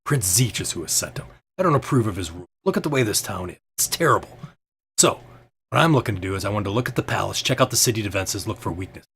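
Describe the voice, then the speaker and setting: A man's voice: lowish voice, animated, fast, a bit bright, a little hiss or hum. A man voicing a blunt, wary ranger who has changed his ways, talking pushily and defensively. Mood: earnest.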